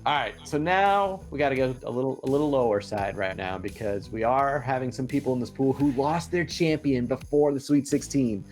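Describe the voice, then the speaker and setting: A man's voice: medium pitch, soft background music. A man co-hosting a bracket pool recap, joking around in casual sports banter. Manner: animated, jokey, quick asides.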